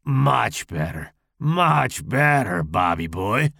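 A man voicing a menacing, deformed hulking male killer with a rough gravelly growl, taunting and foul-mouthed in a slow drawl. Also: fairly low pitch, big pitch swings, bright, forceful tone, dry recording, clean studio sound, full character voice.

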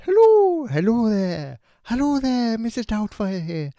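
A man putting on a shrill falsetto voice as Mrs Doubtfire, an elderly female nanny, loud and over the top. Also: wildly swooping pitch, unhurried, no echo, clean studio sound, heavily acted. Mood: shrill greeting. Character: cheery elderly female nanny, prim and hammy.

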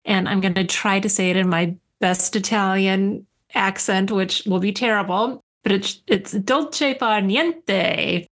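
A woman's voice: medium pitch, flat delivery, normal speed, few pauses. A woman co-hosting a podcast, chatting casually and enthusiastically, laughing as she talks. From United States. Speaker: podcast co-host.

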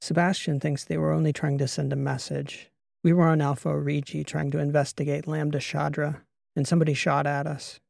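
A man voicing a calm, guarded female starship captain who speaks softly and in a measured way. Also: a little high, creaky, no room sound, studio quality. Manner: soft, measured, quiet delivery.

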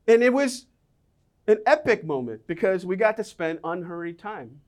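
A middle-aged man preaching a sermon, telling personal stories with lively, animated delivery and voicing the people in them. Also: high voice, moderate pace. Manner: animated storytelling, acts out quoted voices.

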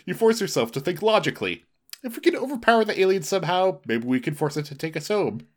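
A man's voice: sits high, sing-song, fast. A man co-hosting a comic podcast, reading a gamebook aloud with wry asides. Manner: wry, amused. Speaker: co-host, reader.

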